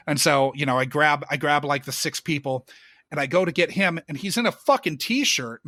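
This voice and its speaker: Animated, foul-mouthed young man storytelling. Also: on the high side, moderate pace, no room sound, studio quality. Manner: animated, profane storytelling, voice jumps up in exasperation. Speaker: podcast guest. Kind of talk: casual storytelling chat.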